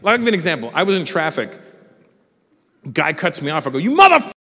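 Animated stand-up comedian man, echoing hall. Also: quick pace. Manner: animated storytelling, swearing, mimicking people in squeaky voices. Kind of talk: stand-up routine. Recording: live theatre with long reverb.

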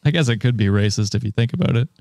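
A man's voice: medium pitch, expressive, very fast, creaky, warm tone, dry recording, studio quality. A man co-hosting, chatting in a laid-back, hesitant way and laughing often. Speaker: co-host. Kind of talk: casual chat.

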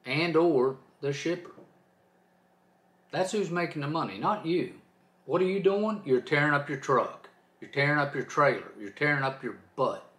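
A man's voice: a little high, animated, normal speed, a bit bright, reverberant. A man hosting his own trucking channel, talking off the cuff in a fired-up, preachy, emphatic way. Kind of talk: off-the-cuff vlog rant.

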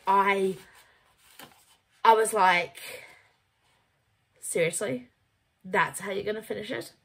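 A woman reviewing a book in a casual vlog, gushing and animated, with casual swearing. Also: medium pitch. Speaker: book vlogger.

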